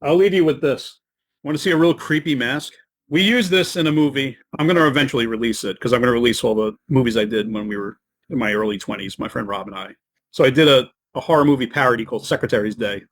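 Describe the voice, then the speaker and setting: A man guesting on a podcast, chatting in an excitable way, laughing often and filling his talk with "like". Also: mid-range voice, quick pace. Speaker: guest filmmaker. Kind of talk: casual podcast chat.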